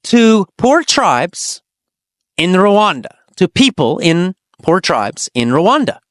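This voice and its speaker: A man teaching an English lesson, telling a story slowly with exaggerated, animated delivery and shouted quotes. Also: high-pitched, dry recording, studio quality.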